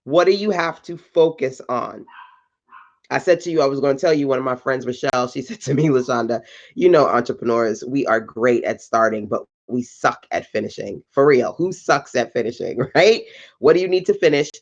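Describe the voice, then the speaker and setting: A woman's voice: very deep voice, normal speed, muffled recording. A woman hosting a livestream, giving chatty motivational talk to entrepreneurs, laughing and asking her audience questions. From North Carolina. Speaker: host of a business livestream.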